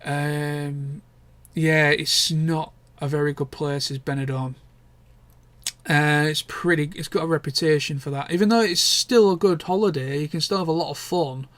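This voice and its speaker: A man's voice: fairly high pitch, fairly even intonation, moderate pace, fairly bright tone, dry recording. A young man, chatting casually and candidly in a rambling vlog catch-up, with the odd swear word. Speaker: vlogger. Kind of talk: casual chat.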